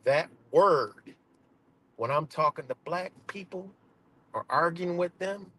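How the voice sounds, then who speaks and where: A man's voice: on the high side, expressive, slow pace, sharp tone, slight background noise. Heated, swearing man ranting live. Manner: profane, confrontational, repetitive. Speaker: streamer. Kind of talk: heated live-stream rant.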